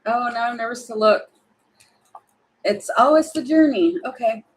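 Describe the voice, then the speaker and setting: A woman's voice: a little high, normal speed, poor audio. Chatty woman giving a live tarot reading. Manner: chatty, thinking aloud, acts out little quoted voices; exasperated about the energy. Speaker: tarot reader.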